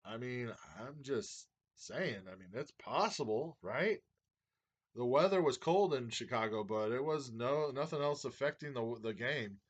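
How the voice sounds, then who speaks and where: A man talking straight to his league members as their fantasy football commissioner. He rambles casually and gets worked up like an eager fan, with a voice sitting in an ordinary middle pitch. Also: a little slow, slightly rough. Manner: excited, rambling sports fan banter.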